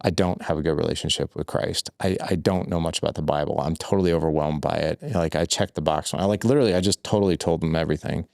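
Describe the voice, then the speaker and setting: A man's voice: rumbling low, steady tone, fast talker, vocal fry, few pauses, a little mellow, no echo, studio quality. A man who is a guest on a podcast, telling a personal story in loose, candid conversation, full of "like" and "I was like". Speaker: podcast guest, fatherhood coach.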